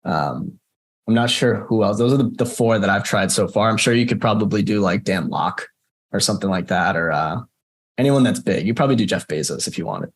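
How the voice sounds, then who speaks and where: A man's voice: lowish voice, fairly quick. A man teaching a group over a video call in a casual, chatty way, often checking in with "right?" and speaking to students by name. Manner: conversational, frequent "right?" tags, addresses students by name. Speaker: course instructor. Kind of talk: casual screen-share walkthrough.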